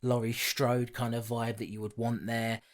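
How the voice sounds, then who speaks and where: A man's voice: medium pitch, level tone, normal speed. A man co-hosting a horror film podcast, chatting casually, teasing and sarcastic. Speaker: podcast co-host. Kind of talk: casual film review chat.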